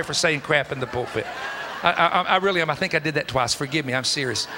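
A man's voice: fairly high pitch, fast, bright, forceful tone, a little hiss or hum. A middle-aged man with a Tennessee Southern accent preaching, telling a folksy, emphatic story and acting out the dialogue. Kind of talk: storytelling sermon. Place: church sanctuary. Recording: long hall reverb.

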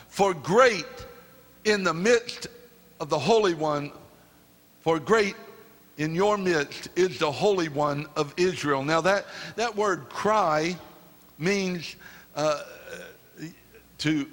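Man, pastor, fervent sermon, high voice, slow delivery, long church-hall reverb. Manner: fervent, repetitive preaching that swells into shouting. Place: church sanctuary.

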